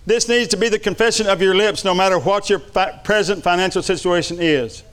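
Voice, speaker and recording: Man, pastor preaching, fervent, repeats lines, slightly high voice, smooth clear tone. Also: a little fast, fairly bright tone. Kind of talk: sermon.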